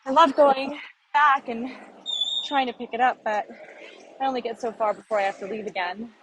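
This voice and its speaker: A woman's voice: a little high, steady tone, moderate pace, background noise. An American woman vlogging casually while walking city streets, rambling and self-deprecating, recorded on a phone. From United States.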